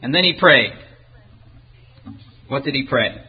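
A man's voice: medium pitch, takes it slowly, breathy edge, narrow, tinny audio. A man preaching a sermon, retelling a scripture story, reading the old-fashioned verses aloud and acting out the characters' lines. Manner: animated, acts out the characters' lines; reads the King James wording aloud.

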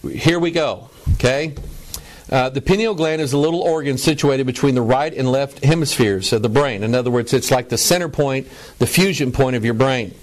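A man's voice: medium pitch, moderate pace. A middle-aged man preaching a lecture to a broadcast audience, stressing words by drawing them out and often repeating himself. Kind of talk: preaching lecture over images.

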